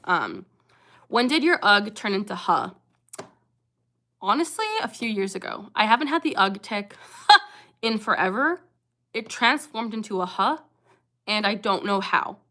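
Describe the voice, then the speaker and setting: A woman's voice: mid-range voice, sing-song, a little slow, pushed and bright. A young woman hosting a casual livestream, chatting earnestly with viewers and breaking off with sudden vocal tics. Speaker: livestream host answering chat.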